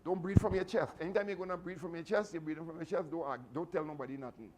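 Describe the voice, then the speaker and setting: A man's voice: fairly high pitch, steady tone, quick pace, darkish tone. A man, a martial arts instructor giving a motivational speech to his students, earnest and repetitive with many restarts. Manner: fatherly advice giving.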